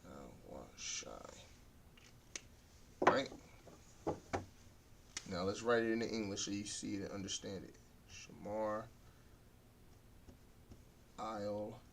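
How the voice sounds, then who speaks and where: A man's voice: fairly low pitch, slow pace, vocal fry, long pauses, a bit bright, slight background noise. A man teaching a beginner language class, sounding out words syllable by syllable and repeating them as he writes on a board. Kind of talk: classroom lesson at a whiteboard.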